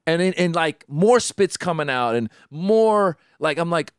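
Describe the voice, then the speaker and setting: A man on a podcast telling a story in casual chat, animated, with many restarts and acted-out voices. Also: a little high, fairly quick, hardly any pauses, smooth, dry recording, clean studio sound.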